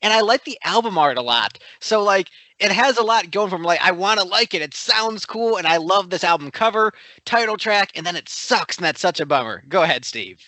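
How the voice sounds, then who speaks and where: A man's voice: high-pitched, expressive, brisk, hardly any pauses, sharp tone, no room sound. A man co-hosting a casual music podcast, blunt and critical, swearing casually. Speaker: podcast co-host reviewing an album. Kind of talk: casual chat.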